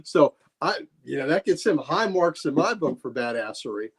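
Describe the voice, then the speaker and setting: A man co-hosting a podcast with a voice pitched a bit above average. He makes short, emphatic points in a relaxed, casual chat. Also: normal speed, husky. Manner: emphatic, laughs between remarks. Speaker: podcast co-host.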